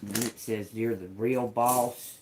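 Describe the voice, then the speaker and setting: A man reading tarot cards for his viewers, taking his time and turning each word over slowly. He repeats phrases as he goes and calls his listeners y'all. A faint hiss of noise sits under his voice. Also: fairly low pitch, fairly even intonation. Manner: slow, musing, repeats words as he reads cards. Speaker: tarot reader.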